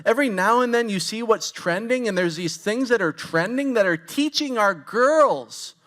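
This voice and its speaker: Pastor, male, 40s, high-pitched; relaxed, candid storytelling preaching that addresses the room directly. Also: moderate pace. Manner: candid, storytelling, talks straight to the congregation. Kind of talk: conversational sermon.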